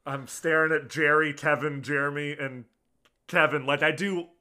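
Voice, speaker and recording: A man hosting a casual podcast chat over a video call, easygoing and quick to laugh. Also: on the high side, fairly even intonation, bright, forceful tone. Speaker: podcast host.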